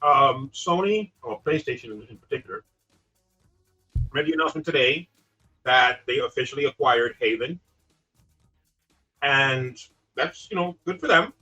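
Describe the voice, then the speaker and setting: A man co-hosting a casual gaming podcast, wry and joking, his volume swinging between loud and soft. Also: medium pitch, lively intonation, moderate pace, long pauses, husky. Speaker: podcast co-host, gaming specialist. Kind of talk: casual chat. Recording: dull lo-fi sound with faint music.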